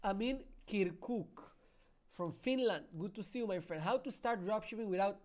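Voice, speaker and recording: A man's voice: high voice, normal speed, darkish tone. A man hosting a live webinar Q&A, reading out viewer questions and answering them in a casual, friendly way. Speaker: webinar host.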